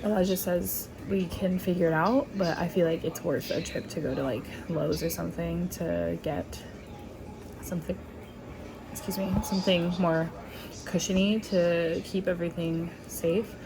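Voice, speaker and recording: A young adult woman and stay-at-home mom, chatting casually while driving and thinking out loud with lots of filler words. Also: on the low side, fairly even intonation, normal speed, crowd noise. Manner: rambling, talks through her thoughts with many "like"s. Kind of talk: casual chat.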